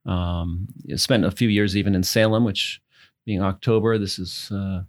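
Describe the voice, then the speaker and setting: A man's voice: sits low, normal speed. A man from New England, a club founder, chatting casually and rambling through stories during a bourbon tasting. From New England, south of Boston. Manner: relaxed, rambling storyteller with fillers.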